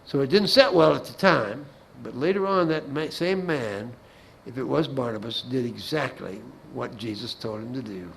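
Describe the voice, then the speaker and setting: A man's voice: medium pitch, normal speed, gravelly, few pauses, a little hiss or hum, poor audio. A man giving a Bible class talk in a folksy way, with humorous anecdotes and asides, often repeating words as he restarts a phrase.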